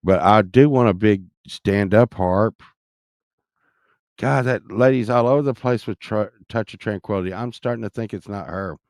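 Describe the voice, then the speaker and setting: A man's voice: on the low side, gravelly, darkish tone, no room sound. A man talking casually in a rambling vlog, cursing now and then and jumping from topic to topic, recorded close on the mic. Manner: rambling, profane, jumps between topics. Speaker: vlogger.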